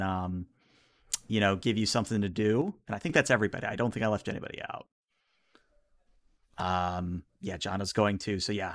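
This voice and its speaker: A man's voice: fairly low pitch, fairly bright tone. A man running a tabletop game stream as game master, talking casually and rambling with lots of ums.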